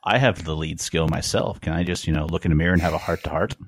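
A man's voice: very deep voice, steady tone, fast, slight background noise. A man playing a tabletop game, joking and bantering in and out of character. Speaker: player.

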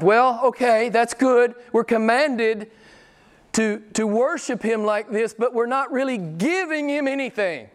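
A man's voice: extremely high pitch, a little slow. Dynamic male pastor preaching. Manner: dynamic preaching, swinging from loud emphasis to hushed whispers. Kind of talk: sermon.

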